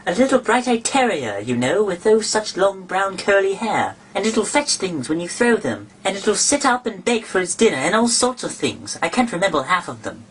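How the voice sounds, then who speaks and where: A man's voice: sits high, sing-song, normal speed, hardly any pauses, fairly bright tone, slight background noise, voice pushed up, rough recording. A man voicing a polite, chatty young girl in an eager, apologetic manner for a storybook reading.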